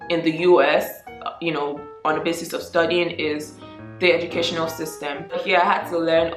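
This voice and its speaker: Chatty nigerian woman in her 20s vlogging, lower voice, lots of ums, roomy echo. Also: moderate pace, soft background music. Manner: chatty, frequent ums, animated mock quotes. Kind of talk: casual chat to camera.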